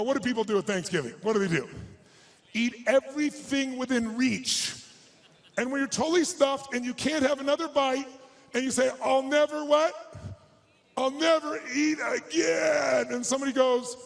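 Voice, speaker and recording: Male motivational speaker, very high gravelly voice, commanding, quizzes and shouts at a hall full of people. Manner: commanding, fires rhetorical questions at the crowd, bursts into shouts. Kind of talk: high-energy seminar talk to a live audience.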